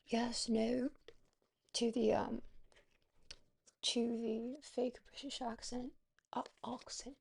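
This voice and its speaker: A woman's voice: on the high side, level tone, takes it slowly, gravelly, pauses often, husky. A woman streamer reading aloud and chatting with her viewers, hesitant and searching for words, with quaintly formal, theatrical phrasing. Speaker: livestreamer reading aloud to chat. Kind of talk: casual livestream chat and reading aloud.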